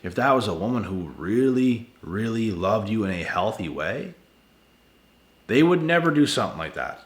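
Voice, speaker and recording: Blunt male vlogger, tired late-night delivery, deep voice, echoey home room. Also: very animated, moderate pace. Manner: blunt, repetitive, addresses viewers as guys and bro. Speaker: channel host giving relationship advice. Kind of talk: casual vlog monologue. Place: at home indoors.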